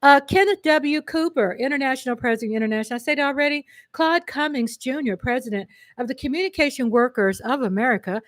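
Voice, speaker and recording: A woman with a Texan accent hosts a casual livestream, reading a long list of names in a fairly high voice. She chats eagerly and corrects herself when she stumbles. The sound is dry and close. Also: quick pace, hardly any pauses, no echo. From Texas. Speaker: livestream host.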